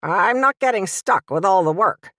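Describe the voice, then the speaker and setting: A woman's voice: mid-range voice, animated, normal speed, sharp tone, no echo, studio quality. A woman voicing a bossy, smug elderly witch aunt with a taunting, sing-song manner, in an audiobook.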